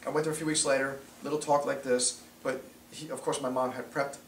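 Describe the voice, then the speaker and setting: A middle-aged man, a chiropractor telling a story to a small group in an animated, chatty way. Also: medium pitch, fairly quick, slight background noise. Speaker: chiropractor giving a new patient talk. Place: small office talk room. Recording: echoey room, from a distance.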